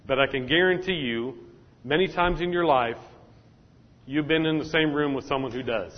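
A man preaching a sermon as pastor, talking straight to the congregation and repeating his points. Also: on the high side. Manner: repetitive, call-and-response preaching. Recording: dull, echoey hall sound.

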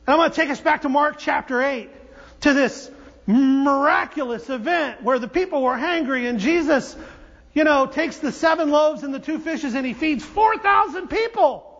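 Male pastor, very high voice, animated joking sermon; dull recording in a reverberant church. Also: moderate pace. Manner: animated, joking storyteller with restarts. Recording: dull audio with long hall reverb.

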